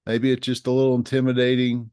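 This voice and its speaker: A middle-aged man talks straight to his viewers as a leadership coach, earnest and encouraging, often restarting a phrase before finishing it. His voice sits at an ordinary pitch for a man. The sound is dry and close, with little room echo. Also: monotone, quick pace, dark tone, clean tone. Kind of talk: direct-to-camera coaching talk.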